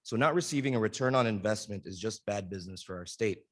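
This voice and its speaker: A man's voice: on the low side, quick pace. A man finishing formal, prepared testimony before a legislative committee. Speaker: public witness.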